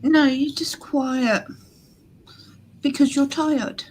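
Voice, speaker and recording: A woman's voice: sits high, fairly even intonation, slow pace, a little mellow, slight background noise. A woman in casual chat on a video call, trading teasing, laughing banter. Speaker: regular chat participant.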